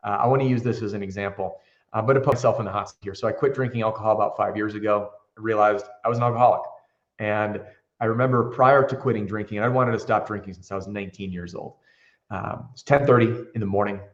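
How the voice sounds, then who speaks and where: A man's voice: fairly low pitch, fairly even intonation, fast, echoey room, muffled recording. A man who trains roofing salespeople tells candid stories with energy in a casual interview, acting out the dialogue he quotes.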